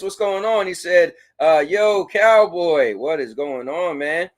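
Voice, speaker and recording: A man hosting a casual livestream, reading chat messages aloud and giving shout-outs. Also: fairly high pitch, takes it slowly, hardly any pauses. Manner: animated, talks to his dog. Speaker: livestream host.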